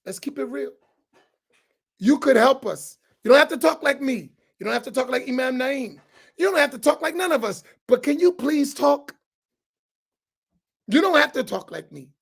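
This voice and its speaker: Loud, gravelly high-voiced imam preaching. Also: male voice, expressive, moderate pace, pauses often. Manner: loud, challenging, repeats phrases for emphasis. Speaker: imam on a roundtable. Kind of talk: impassioned preaching to an audience.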